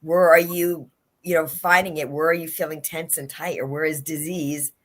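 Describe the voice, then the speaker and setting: A woman's voice: deep voice, steady tone, moderate pace, fairly bright tone. A woman life coach speaking earnestly in a livestream interview over a video call, repeating her key phrases for emphasis. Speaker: guest, life and leadership coach. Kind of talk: livestream interview, motivational talk.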